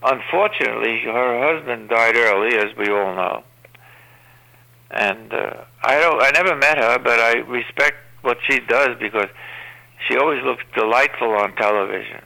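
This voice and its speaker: An older man speaks as an interview guest and wanders from one anecdote to the next with plenty of pauses and filler words. His voice is gravelly, with a hard, sharp brightness, and his pitch sits in the middle of the male range. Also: poor audio. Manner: rambling storyteller, many uh fillers. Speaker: guest actor.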